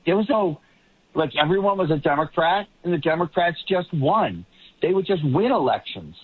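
A man's voice: fairly high pitch, lively intonation, moderate pace, slightly rough, dry recording. A man from Boston, a political commentator giving rambling talk radio commentary. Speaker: panel guest, political commentator. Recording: tinny phone line.

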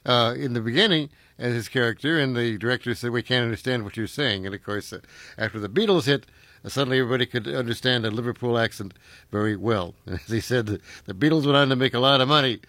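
A man's voice: mid-range voice, quick pace, fairly bright tone, no echo. A man hosting a radio show, talking casually with many fillers. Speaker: radio host.

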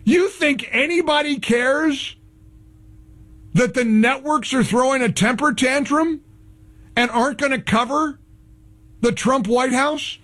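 A man's voice: very high-pitched, slow, pauses often, fairly bright tone. A man hosting a talk radio show, delivering political commentary in a heavily sarcastic, mocking manner.

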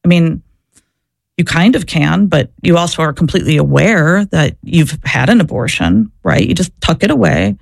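A woman's voice: low-pitched, animated, normal speed, vocal fry, no room sound, clean studio sound. A woman and former social worker answering interview questions, telling her story in an earnest, reflective way. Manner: earnest, reflective, searching for words.

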